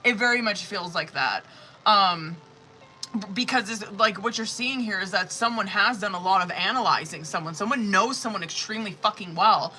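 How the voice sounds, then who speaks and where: Very bright, profane woman reading tarot. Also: medium pitch, moderate pace, slight background noise, low-quality recording. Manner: casual, profane, rambling with many fillers; emphatic and exasperated asides. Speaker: tarot reader. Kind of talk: live-streamed tarot reading.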